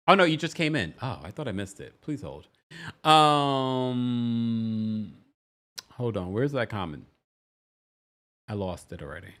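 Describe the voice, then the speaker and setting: In a medium-pitched, slightly bright voice, a man hosts a relaxed live-stream recap of a reality show. He's chatty and playful, reading viewer comments and briefly imitating the people he quotes.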